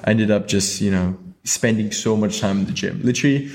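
A young man from Hong Kong, a guest on an interview, recounting his story in a casual, animated way full of "like" and "you know". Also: lowish voice, fairly quick, vocal fry, noisy background. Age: young adult. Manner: animated, filler-heavy, lots of "like" and "you know". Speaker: guest, Olympic skier.

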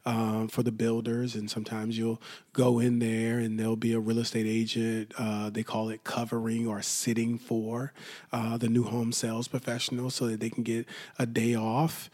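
A man hosts a solo casual podcast, rambling through stories and acting out quoted lines. His mid-range voice has a darkish tone and a completely flat delivery at normal speed.

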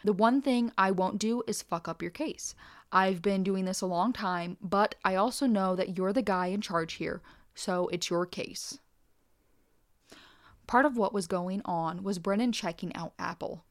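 A woman co-hosting a podcast, reading a nonfiction account aloud in a steady, measured way. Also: medium pitch. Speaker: podcast co-host.

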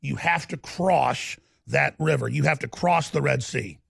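Middle-aged male host, husky gravelly voice, ranting and shouting on a talk show. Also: mid-range voice, measured pace. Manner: erupts into shouting and growling. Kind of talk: heated talk show rant.

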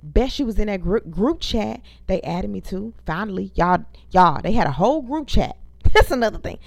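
A woman's voice: mid-range voice, lively intonation, moderate pace, gravelly, no room sound. A woman, venting to viewers as host of her own casual talk show, emphatic and profane. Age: 30s. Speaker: podcast host. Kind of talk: casual storytelling rant.

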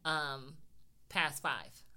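Woman from California, bright and smooth, lowish pitch, chatty co-host. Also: extremely slow. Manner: chatty, animated when quoting her own reactions. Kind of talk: casual chat.

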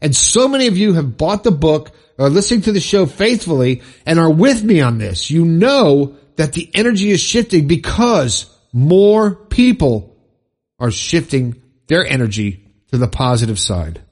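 Fired-up husky man preaching. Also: on the high side, big pitch swings, normal speed, a little mellow. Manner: fired-up, preachy, repeats phrases for emphasis. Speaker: podcast host. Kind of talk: impassioned motivational monologue.

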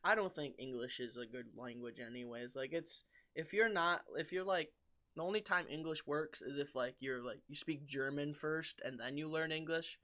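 A young American man co-hosting a casual podcast, joking loudly and teasing in mock accents. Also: a little high, normal speed. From United States. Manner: loud joking banter, mock British voices. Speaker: podcast co-host.

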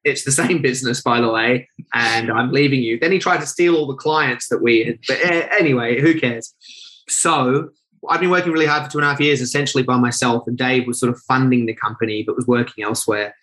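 A man tells a personal story as an interview guest. He talks in fast, lively bursts, often correcting himself mid-sentence. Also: medium pitch, rough recording. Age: 20s. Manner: animated, rapid storytelling with self-corrections.

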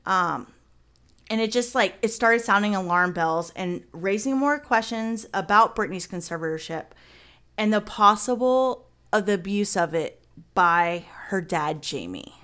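A woman's voice: medium pitch, animated, measured pace, a bit bright. Forties woman, podcast co-host, loose rambling delivery with casual cursing. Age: 40s. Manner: rambling, swears casually, self-mocking.

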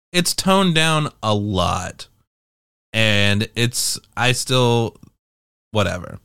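A young adult man telling a casual, profane storytime monologue to viewers in an animated way. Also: fairly low pitch, drawn-out words, smooth, no room sound, clean studio sound. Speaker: vlogger.

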